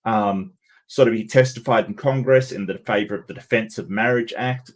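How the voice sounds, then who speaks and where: A man hosts a casual livestream and reacts to clips in a sarcastic, halting way, restarting his sentences often. His voice sits fairly low. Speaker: livestream host.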